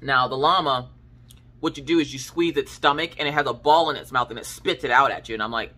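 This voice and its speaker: This woman talks fast in a low voice, a thirtysomething craft channel host sharing family stories. It's casual storytelling chat, slangy and animated, with her impersonating her relatives' lines.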